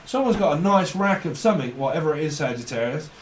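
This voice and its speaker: A man's voice: a little high, animated, fast, reverberant, far from the mic, a little hiss or hum. A man giving a rambling, profane tarot reading, laughing often as he talks. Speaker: tarot reader.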